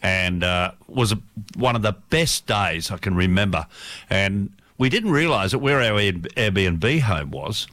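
A man's voice: lowish voice, expressive, measured pace, a bit bright, no echo. A man telling a travel story in casual chat, rambling and correcting himself as he goes, with the odd chuckle.

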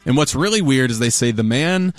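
A man's voice: mid-range voice, animated, a little fast, no echo. Joking male co-host with a dry sound. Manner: joking, drifts into mock accents. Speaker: podcast co-host. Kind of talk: casual chat reading news stories.

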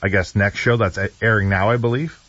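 A man's voice: on the low side, fairly even intonation, a little fast, fairly bright tone, husky, dry recording. A man co-hosting a casual chat show, speaking in an easygoing, slightly hesitant way. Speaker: co-host. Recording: dry, dull lo-fi sound.

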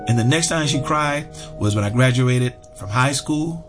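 A man's voice: mid-range voice, moderate pace, music in the background. A middle-aged man telling a heartfelt personal story, earnest, with lots of fillers and repeated words. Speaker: interview guest.

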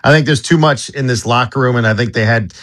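A man's voice: medium pitch, fast, fairly bright tone. A man who is a sports director, talking casually in a live radio preview, with many fillers and restarts.

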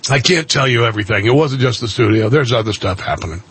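A man's voice: medium pitch, fast, fairly bright tone, breathy edge. A middle-aged man hosting a talk show, speaking earnestly to his listeners and repeating phrases for emphasis. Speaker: radio and streaming show host. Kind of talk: personal monologue to listeners.

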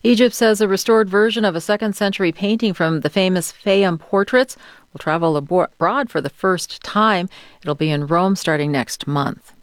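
A woman newscaster reading a radio news bulletin in a crisp, measured way from a studio. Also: mid-range voice, no echo. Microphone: studio mic.

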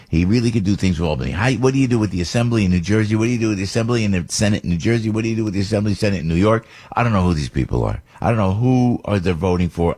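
A man's voice: fairly low pitch, a little mellow, breathy edge. A middle-aged American man hosting a talk radio show, rambling and opinionated, with many restarts and asides.

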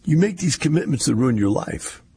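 A man's voice: a little high, expressive, moderate pace, creaky, mellow, slightly rough. An older man, giving a rambling, folksy casual monologue with wry asides.

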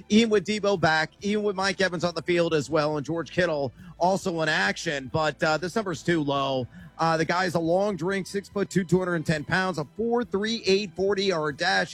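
A man co-hosting a sports betting show, reading viewer picks and pitching his own with playful, colorful phrasing. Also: a bit bright. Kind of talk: casual sports betting talk.

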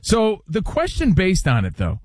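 A man co-hosting a sports radio show, with a voice that swings widely in pitch. He sounds close and dry in the studio and argues his points with lively energy. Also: unhurried, no echo. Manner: lively, argumentative.

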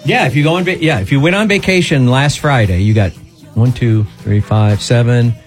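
A man in casual banter with his co-hosts, mid-pitched and self-pitying in a joking way. He talks defensively, and faint music plays behind him. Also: normal speed. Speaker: co-host.

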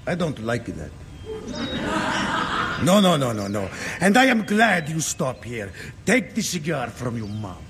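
An actor playing a hot-tempered, tender-hearted Sicilian truck driver who speaks broken English with a Sicilian Italian accent, in a 1950s film drama. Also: male voice, medium pitch, big pitch swings, a little slow, pauses often, background noise. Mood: furious. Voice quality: broken English, emotional and loud.

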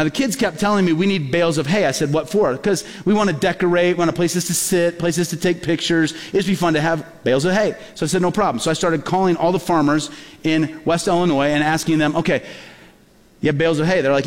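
A man's voice: a little high, big-room sound. A man preaching a sermon as a pastor, telling stories and acting out quotes with animation. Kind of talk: sermon storytelling.

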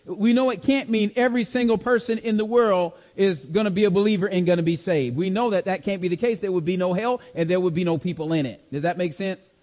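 A man's voice: high voice, darkish tone. A man teaching a Bible study class, checking in often with his listeners and repeating key words for emphasis. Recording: long hall reverb.

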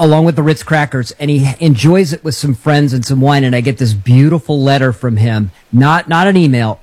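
Relaxed man telling an anecdote. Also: mid-range voice, no room sound. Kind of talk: casual chat.

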